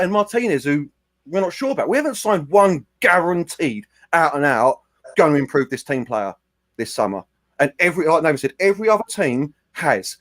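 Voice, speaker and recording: A man ranting heatedly on a fan podcast panel. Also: a little high. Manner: animated, ranting, slips into mimicking quotes.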